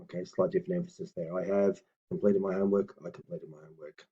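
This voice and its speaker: A man teaching old phrases, reading each sentence and then sounding out its translation slowly and carefully, stopping to correct himself. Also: low-pitched, level tone, dark tone, breathy edge, lo-fi sound. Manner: slow, careful pronunciation of example phrases; self-correcting asides. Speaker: language teacher. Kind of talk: slow spoken language lesson.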